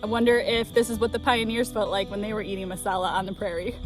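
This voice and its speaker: A woman's voice: mid-range voice, level tone, fast talker, music in the background, poor audio. Chatty woman vlogging a road trip. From United States. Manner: chatty, laughs often, enthusiastic. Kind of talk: casual travel vlog. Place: in her car and outdoors at a scenic overlook.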